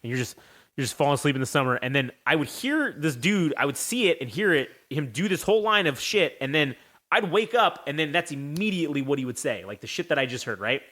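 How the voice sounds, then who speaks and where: Casting: lively male podcast co-host, animated, swearing storyteller, slightly high voice. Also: quick pace. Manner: animated, profane, rambling. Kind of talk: casual storytelling.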